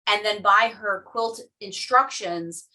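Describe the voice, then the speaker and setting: A woman's voice: medium pitch, slow, pushed and bright, distant mic, poor audio. A woman hosting a podcast, chatting casually and telling stories with a laugh now and then. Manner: chatty storyteller, laughs often. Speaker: podcast host. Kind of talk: casual chat.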